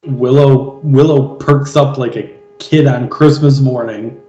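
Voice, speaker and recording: A man co-hosting a podcast, chiming in casually with agreements and quick retellings of scenes. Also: medium pitch, fairly even intonation, mellow, roomy sound, dull audio. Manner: chimes in with short agreements and corrections. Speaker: podcast co-host. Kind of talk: casual recap chat.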